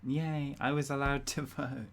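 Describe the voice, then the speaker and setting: A woman streams a role-play game and talks her viewers through it in an unhurried, chatty way. She giggles and fills gaps with ums, and keyboard typing and clicks come through behind her. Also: extremely low pitch, darkish tone.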